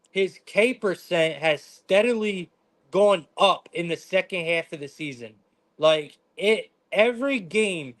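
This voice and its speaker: A man hosting a live sports betting stream, giving casual game breakdowns and talking to his chat in a laid-back way. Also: high-pitched. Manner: laid-back, talks to chat, says "bro" and "man" often.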